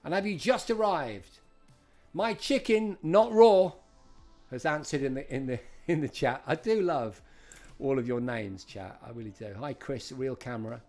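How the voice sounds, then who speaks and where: A man's voice: mid-range voice, animated, moderate pace, few pauses, faint music behind. A middle-aged man hosting a live-streamed retro quiz, chatting and greeting viewers by name as he reads out questions. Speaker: host.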